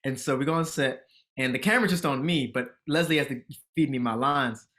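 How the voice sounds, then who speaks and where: A man in his thirties from the Washington, D.C. area, a comedian guest telling animated stories and laughing through them in casual podcast chat. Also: mid-range voice, brisk.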